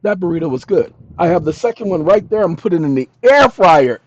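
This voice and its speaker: Lively high-voiced man rambling to his viewers. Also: a little fast, few pauses, dry recording. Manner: rambling, talks to viewers, breaks into song. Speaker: channel host. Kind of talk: casual vlog monologue. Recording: dull lo-fi dry sound.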